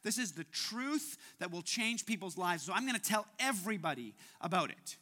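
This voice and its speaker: A man preaching a sermon as pastor, talking in an animated way and often repeating his words as he goes. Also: high-pitched, moderate pace.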